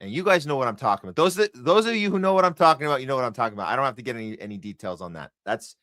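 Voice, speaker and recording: Rambling male podcast host, crisp tone. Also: medium pitch, lively intonation, very fast, fairly bright tone, no echo, clean studio sound. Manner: rambling, encouraging, many restarts. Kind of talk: casual podcast chat.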